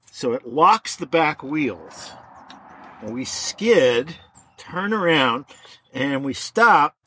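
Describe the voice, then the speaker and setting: A man telling a lively story in an interview, laughing now and then as he talks. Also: fairly high pitch. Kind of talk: anecdotal storytelling.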